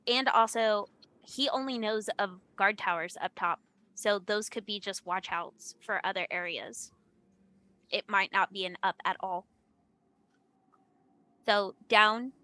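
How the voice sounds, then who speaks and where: A woman's voice: mid-range voice, bright, forceful tone. A woman playing a tabletop game, decisive, laying out plans step by step. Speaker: player. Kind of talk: casual tabletop play.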